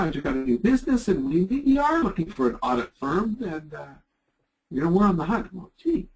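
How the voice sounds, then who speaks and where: A middle-aged man with a Canadian accent giving a chatty leadership presentation, acting out quotes in lively voices. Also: high voice, slight background noise, poor audio. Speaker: leadership speaker. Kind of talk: webinar presentation.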